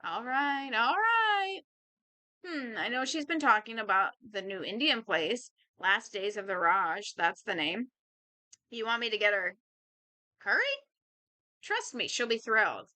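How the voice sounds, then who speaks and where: A woman's voice: mid-range voice, measured pace, bright, forceful tone, dry recording. A woman voicing a chatty young woman, a best friend, who teases and chats. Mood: teasing. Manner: teasing and chatty.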